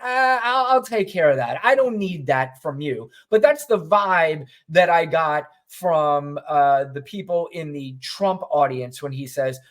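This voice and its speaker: A man co-hosting a podcast, giving blunt, sardonic commentary and telling stories in an animated way. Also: fairly high pitch, a little slow, few pauses. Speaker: podcast co-host. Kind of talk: opinionated casual commentary.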